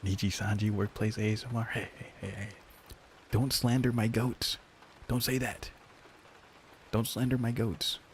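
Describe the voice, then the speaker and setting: Low-voiced joking male streamer. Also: little pitch movement, measured pace, long pauses, a little hiss or hum. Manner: crude joking, stammering restarts, frequent laughter. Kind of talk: casual stream chat.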